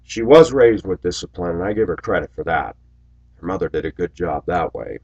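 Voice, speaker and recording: A man in his forties telling stories in a rambling monologue to his viewers, raising his voice loudly when he acts out what people said. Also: sits low, brisk, slightly rough, highs cut off. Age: 40s. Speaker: video blogger. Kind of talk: casual monologue to camera.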